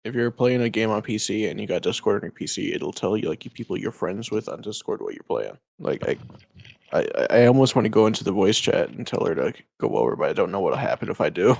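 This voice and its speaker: Gravelly-voiced man in rambling, profane chat. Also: on the low side, lively intonation, quick pace, darkish tone, no room sound. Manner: profane, rambling, trails off and restarts. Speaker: podcast co-host and editor. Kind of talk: casual podcast chat.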